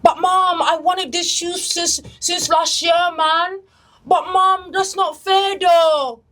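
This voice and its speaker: A woman's voice: very high-pitched, steady tone, slow, pushed and bright, voice pushed up, exaggerated voice. Woman doing a whiny, back-talking teen. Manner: whiny, entitled, indignant. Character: mouthy teenage kid in the UK back-talking mom.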